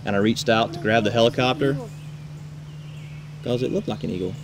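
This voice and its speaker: Male camp counselor, lowish voice, tall-tale storyteller, loud outdoor background. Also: a little fast. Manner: animated, shouts quoted lines. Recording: noisy outdoor camcorder recording.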